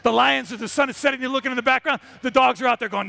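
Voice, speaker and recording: High, fast-talking excitable man. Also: creaky. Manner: excitable, exclaiming, dramatic. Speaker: wildlife photographer presenting. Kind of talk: animated live storytelling talk. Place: stage at a large trade show.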